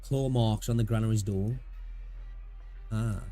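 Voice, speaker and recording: A man's voice: lowish voice, steady tone, a little slow, dark tone, soft background music. A man hosting a gaming channel, reading a game story aloud with casual reactions.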